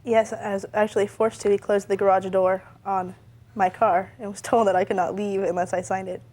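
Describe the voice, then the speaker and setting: A woman testifies as a defendant in a TV courtroom in a flat, level voice with little pitch movement. She tells her story defensively and rambles, restarting her sentences as she goes. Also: brisk.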